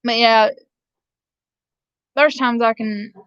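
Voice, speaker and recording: Speaking slowly in a steady, somewhat high and slightly bright voice, a Southern-drawling woman from Georgia, USA goes through her live-stream chat. She rambles and laughs frequently between sentences; the tone is clean with no echo, though the audio sounds dull.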